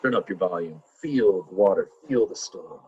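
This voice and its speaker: A man's voice: deep voice, expressive, normal speed, a little mellow, husky, highs cut off. A man teaching a church Bible lesson in a playful way, full of jokey asides to his listeners.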